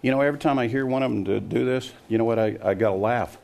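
A man's voice: mid-range voice, very fast, creaky, darkish tone. An older man preaching a sermon, emphatic and scoffing, often putting questions to his listeners. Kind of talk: sermon to a congregation.

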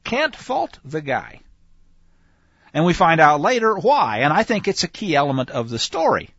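A man teaching scripture in a conversational way, animated and speaking straight to his listeners. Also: on the high side, moderate pace, no echo. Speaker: Bible teacher. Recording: dull lo-fi, dry sound.

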